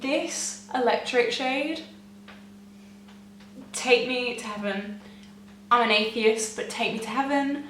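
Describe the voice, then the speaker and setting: A young woman gushing excitedly to camera as a beauty vlogger, chatty and often laughing. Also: fairly high pitch, a little hiss or hum. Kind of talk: casual chat to camera. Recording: echoey room, mic at a distance.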